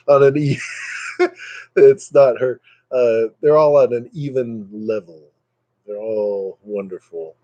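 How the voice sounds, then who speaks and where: Slow, mellow-voiced man chatting on stream. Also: no room sound, dull audio. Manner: rambling, joking, puts on silly high voices for quotes. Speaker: live streamer. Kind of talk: casual live-stream chat with viewers.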